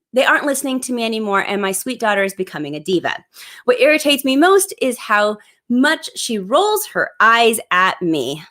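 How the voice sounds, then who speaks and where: A woman in her thirties hosting a live parenting advice show, explaining tips in a clear, upbeat way into a plug-in microphone. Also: a little high, fairly bright tone.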